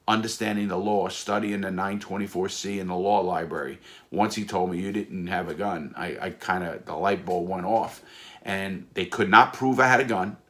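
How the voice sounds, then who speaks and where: A man's voice: low voice, a bit bright. A man telling his own story in a casual, emphatic monologue, often restarting and repeating himself. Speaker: storyteller recounting his prison case.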